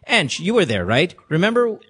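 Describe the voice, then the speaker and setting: A podcast host in a radio studio offers emotional call-in advice, earnest and confessional, repeating himself often. His voice sits high with big pitch swings, a normal speed, and a sharp tone, over slight background noise.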